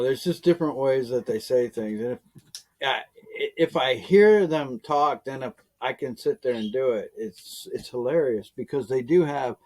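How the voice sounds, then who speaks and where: A man's voice: mid-range voice, a little mellow. A man leading an online team meeting in casual chat, rambling with lots of fillers and chuckling often.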